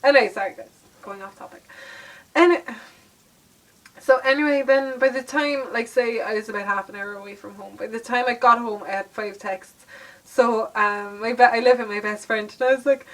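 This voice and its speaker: A woman's voice: a little high, fairly even intonation, moderate pace, a bit bright. Chatty Irish young woman, a little distant. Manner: chatty, laughing, lots of fillers. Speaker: vlogger. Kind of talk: casual storytelling to camera.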